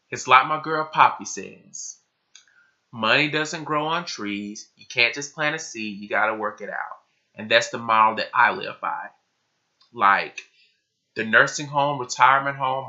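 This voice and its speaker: A young man vlogging casually to camera, his voice a bit croaky from just waking up, talking emphatically with lots of "like" and casual swearing. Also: medium pitch, bright, forceful tone. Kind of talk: casual vlog talk to camera. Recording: dull lo-fi recording.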